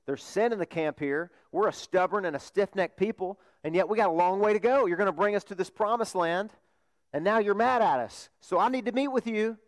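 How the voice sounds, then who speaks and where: A man's voice: sits high, a little fast, pitched above the performer's own voice, natural voice. Anxious, pleading man at his wits' end with God, voiced by a male preacher in a sermon. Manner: urgent, pleading.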